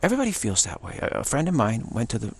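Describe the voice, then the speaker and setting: A man's voice: medium pitch, wildly swooping pitch, racing, slightly rough. A man giving an unscripted spiritual monologue, earnest, repeating his phrases and slipping into imagined exchanges. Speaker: spiritual commentator.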